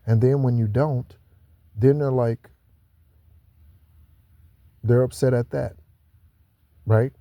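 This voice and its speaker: A man's voice: mid-range voice, steady tone, mellow, no echo. A man talking alone to his viewers in a preachy spiritual monologue, repeating and stressing his points. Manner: preachy, repeats himself, slow stressed asides. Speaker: spiritual channel host. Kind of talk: solo spiritual talk to viewers.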